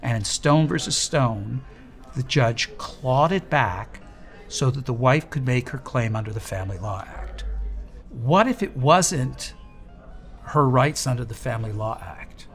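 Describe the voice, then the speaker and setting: A middle-aged man, a lawyer, telling a joke as a story and then explaining a legal point slowly and deliberately. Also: medium pitch, animated, soft background music.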